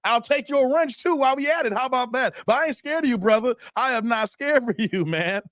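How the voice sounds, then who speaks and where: A man's voice: extremely high pitch, animated, brisk, fairly bright tone, no echo, studio quality. A man hosting a live stream, joking and laughing while reading chat aloud. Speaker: livestream host.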